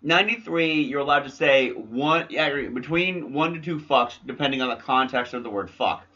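Brief: man hosting a movie podcast, wisecracking, forceful tone, muffled recording. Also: mid-range voice, normal speed. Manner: wisecracking, crude. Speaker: podcast host. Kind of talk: casual movie chat.

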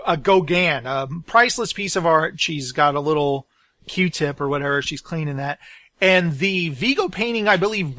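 A man with a high, bright voice recapping film scenes in casual chat, slipping into playful impressions of the characters. The recording is dry and close. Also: no echo. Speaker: podcast co-host.

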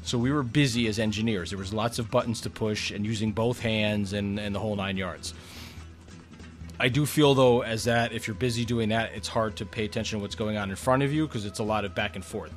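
Man, low voice, casual podcast storyteller, rambling, restarts sentences, faint music behind. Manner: rambling, chatty, with frequent restarts. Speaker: podcast co-host.

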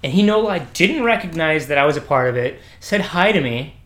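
A man casually telling stories about his Navy service, acting out the people he quotes with lively voice changes, swearing and laughing often. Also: fairly high pitch, brisk. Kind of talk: casual storytelling chat. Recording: echoey room.

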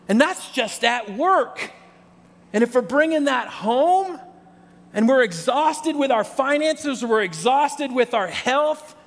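A man preaches to his congregation in a high, light voice that rings out with a long reverb through a big church space. His delivery is loose and conversational. He restarts phrases and talks straight to the people in front of him. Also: a bit bright. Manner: conversational, repeats words, addresses the congregation directly. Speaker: pastor. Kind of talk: sermon.

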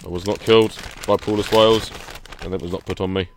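A man's voice: low-pitched, steady tone, quick pace, a little hiss or hum. A man co-hosting a podcast, ranting with laughter in a casual chat. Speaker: podcast co-host.

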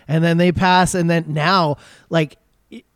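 A man's voice: fairly high pitch, fairly even intonation, measured pace, dry recording, clean studio sound. A man co-hosting a live talk show in casual chat, using lots of fillers and a playful tone. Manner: chatty, filler-heavy, playful.

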